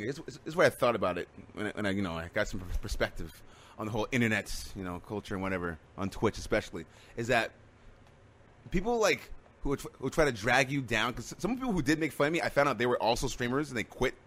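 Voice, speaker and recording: A man streamer chatting casually, rambling through animated stories with many restarts. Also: mid-range voice. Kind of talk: casual chat.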